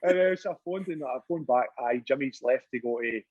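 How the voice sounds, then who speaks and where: A middle-aged Scottish former footballer tells animated stories in casual chat, laughing and swearing often. His voice is mid-range and brisk, and the recording has its highs cut off.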